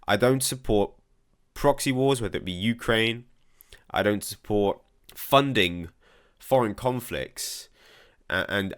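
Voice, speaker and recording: A young Englishman whose accent carries a slight American and European mix, reading viewer comments aloud and answering them in a halting way, often repeating words as he starts a sentence. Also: lowish voice, a bit bright. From England. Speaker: commentary channel host.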